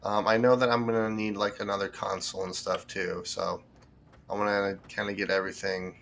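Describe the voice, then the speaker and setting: A game streamer with a low, gravelly, fairly bright voice offers casual commentary as he plays, thinking aloud with lots of ums and restarts. His delivery is flat and brisk, easygoing and unscripted, with a faint hiss under it.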